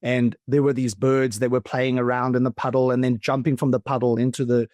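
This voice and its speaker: A man from South Africa, a philosophical coach, talking as a podcast guest in a thoughtful, reflective way that often slows down and stretches words. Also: mid-range voice, little pitch movement, darkish tone, dry recording. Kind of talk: reflective conversational talk.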